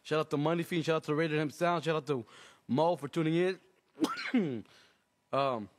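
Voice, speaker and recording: A man hosting an online radio show in casual chat, laid-back, laughing often and giving shout-outs. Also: a little high, moderate pace. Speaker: show host.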